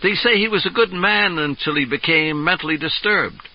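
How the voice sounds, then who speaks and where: A man's voice: a little high, normal speed, pitched above the performer's own voice. A man voicing a middle-aged male actor in an earnest, defensive way, on a dull lo-fi 1970s tape.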